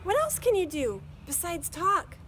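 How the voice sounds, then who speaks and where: A woman's voice: very high-pitched, huge pitch swings, measured pace, fairly bright tone, slight background noise, pitched above the performer's own voice, exaggerated voice. A woman reading a children's story aloud, voicing a curious young schoolgirl in a bubbly, awed way.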